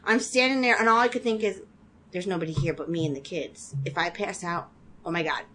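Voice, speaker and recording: A woman in her thirties, a mother, casually telling a funny story about a mishap with a relaxed, laughing manner. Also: lowish voice, brisk.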